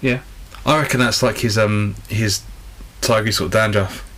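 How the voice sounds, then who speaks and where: A man's voice: on the low side, fairly even intonation, normal speed, fairly bright tone, low-quality recording. A man co-hosting a podcast, giggling often and asking silly questions in casual chat. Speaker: podcast co-host.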